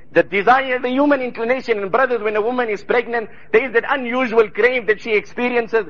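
A man's voice: very high voice, steady tone, a little fast, hardly any pauses, muffled recording. A man preaching a sermon, retelling stories with fervour and quoting Arabic phrases. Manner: fervent storytelling, quoting Arabic.

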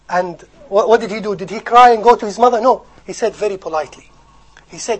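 A man giving a sermon, telling stories in an animated, joking way to his audience. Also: high voice, quick pace, breathy edge, rough recording. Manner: animated storytelling with jokes. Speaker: Islamic preacher.

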